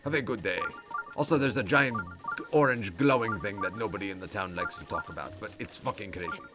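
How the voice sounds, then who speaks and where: A man's voice: on the low side, a little fast, loud music behind the voice, lightly acted. A man voicing a suspicious, rambling male village guard in a put-on French accent, blustering and then chatty and crude.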